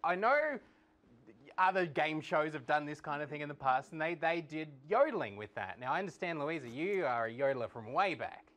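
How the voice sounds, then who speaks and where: A man's voice: a little high, very animated, brisk, fairly bright tone. A man hosting a live comedy quiz show in a studio, jokey and chuckling as he reads out questions.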